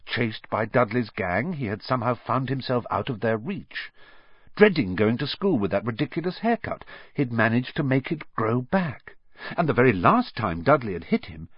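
A man narrating an audiobook in an expressive storytelling manner. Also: medium pitch, normal speed, slightly rough, no echo, lo-fi sound. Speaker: audiobook reader. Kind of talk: scripted narration.

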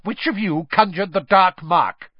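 A man's voice: high voice, measured pace, no echo, voice pushed up. A man voicing a cold, curt older male official who snaps accusations, on a slightly dull, dry recording. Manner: clipped, snapping, accusing.

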